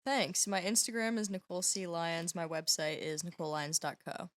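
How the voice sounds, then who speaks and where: A woman's voice: on the low side, fairly even intonation, moderate pace, no echo. A woman, the producer of the podcast, chiming in briefly and matter-of-factly in casual chat.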